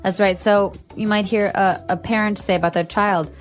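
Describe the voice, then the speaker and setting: Woman co-host on an english podcast, mid-pitched voice, breaks down phrases with lots of examples. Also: fairly even intonation, normal speed, soft background music. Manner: clear explanations with example sentences. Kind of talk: casual teaching chat.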